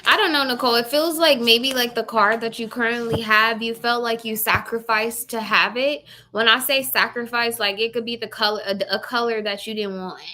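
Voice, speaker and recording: A woman's voice: fairly high pitch, steady tone, normal speed, hardly any pauses, pushed and bright. Chatty, blunt woman doing a tarot reading. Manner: chatty, blunt, swears casually, addresses viewers by name. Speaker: tarot reader. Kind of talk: casual live tarot reading.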